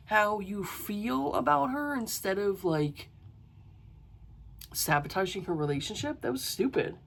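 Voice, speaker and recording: A woman's voice: medium pitch, animated, measured pace. A woman giving a casual, exasperated book review, ranting with swearing and rhetorical questions.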